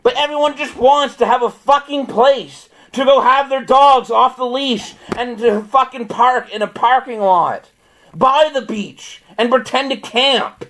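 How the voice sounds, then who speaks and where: A man's voice: very high-pitched, unhurried, a bit bright, poor audio. A man ranting at length in a profane, rambling, repetitive vlog, with bursts of frustrated laughter. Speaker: vlogger. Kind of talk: angry ranting monologue.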